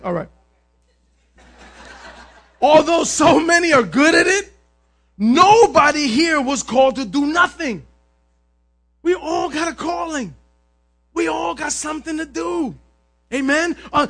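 This is a man with a very high, bright voice delivering an energetic sermon as a pastor. He often raises his voice to a shout and asks the congregation for an "amen" as he goes. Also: vocal fry.

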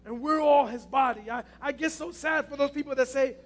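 A man's voice: very high-pitched, brisk. A man preaching a passionate sermon as pastor, repeating his key phrases.

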